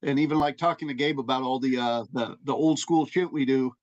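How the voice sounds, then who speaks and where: A man's voice: medium pitch, steady tone, a little fast, highs cut off. A man co-hosting a podcast in casual chat, telling stories in a rambling, profane way full of restarts. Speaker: podcast co-host.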